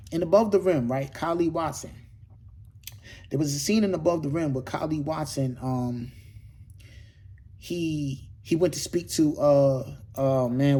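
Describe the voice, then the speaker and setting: A middle-aged man riffs to his audience with a husky, slightly breathy voice that sits a little high for a man. He talks in loose slang, keeps asking rhetorical questions and circles back to the same points. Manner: animated, rhetorical, slangy, repeats himself. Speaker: host. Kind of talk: casual monologue to camera.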